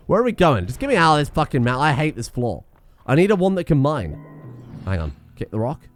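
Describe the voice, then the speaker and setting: A man's voice: fairly high pitch, big pitch swings, moderate pace, pauses often, dry recording, soft background music. A man giving casual let's-play commentary, rambling, self-mocking and swearing freely as he plays. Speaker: gaming streamer.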